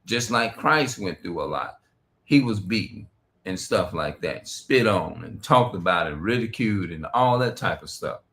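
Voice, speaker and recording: A man's voice: low voice, expressive, normal speed, fairly bright tone. Rambling, cursing man preaching. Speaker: street preacher. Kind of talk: streamed religious monologue.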